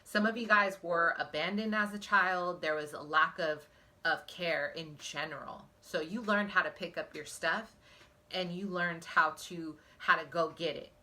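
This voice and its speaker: Woman psychic reading for viewers, low pitch with a forceful, tense edge, earnest and direct. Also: fairly even intonation, unhurried. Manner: earnest, emotional, speaks straight to viewers. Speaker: psychic tarot reader.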